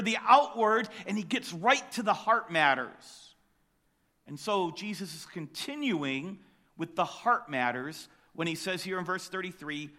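A man preaching a sermon, emphatic, with loud rising bursts on key lines. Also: high voice, big-room sound. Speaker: pastor.

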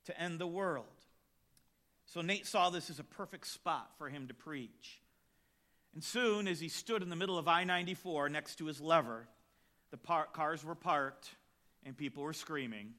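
A man preaching a sermon from a church stage, telling jokes and stories in an expressive way. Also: sits high. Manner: storytelling, tells jokes from the pulpit, expressive. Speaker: pastor.

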